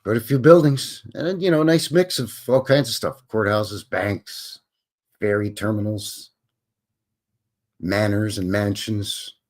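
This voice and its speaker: A man's voice: on the low side, measured pace. A man hosting a live stream. He reads articles aloud and rambles through wry, skeptical, joking asides. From Canada. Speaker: host of a live stream show.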